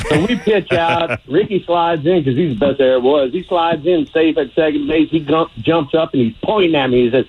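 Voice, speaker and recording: A man, a former ballplayer, telling an animated story in an archived interview clip. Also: fairly high pitch, fairly quick, few pauses, noisy background. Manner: animated, acts out voices in his story. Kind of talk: storytelling anecdote.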